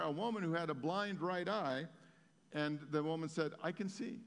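Male pastor, slightly high voice, conversational storytelling sermon in a reverberant hall. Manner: storytelling, conversational with many fillers and restarts.

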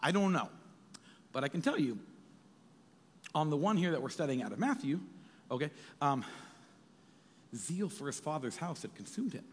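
A man preaching a sermon as pastor, animated and jokey, slipping into quick acted asides. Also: fairly high pitch, slight background noise. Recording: reverberant hall.

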